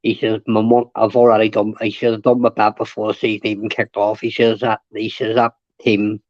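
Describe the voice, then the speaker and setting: A man's voice: on the low side, flat delivery, brisk, a little mellow, no echo. A man joining a live panel to chat about football, rambling and repeating himself. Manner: rambling, repeats himself, retells what others said. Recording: dry, dull lo-fi call audio.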